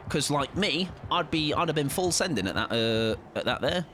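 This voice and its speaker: A man streaming a game, chatting playfully and excitably with teammates. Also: fairly high pitch, normal speed, few pauses, noisy background. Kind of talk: casual gaming chat.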